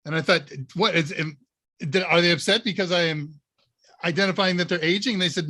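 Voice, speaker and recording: A man's voice: sits high, a little fast, sharp tone. A man from Northern Ohio hosting a live Q&A stream, telling rambling, anecdotal stories in a casual way, with plenty of "uh"s along the way. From Northern Ohio, USA. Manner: rambling anecdotal storyteller with many fillers. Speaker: live Q&A show host.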